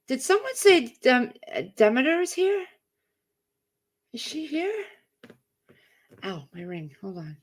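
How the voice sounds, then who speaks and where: Woman doing a casual home livestream, kinda high voice, rambly, keeps saying hi to viewers. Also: big pitch swings, takes it slowly, pauses often. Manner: chatty and rambling, greets viewers by name. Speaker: livestream host.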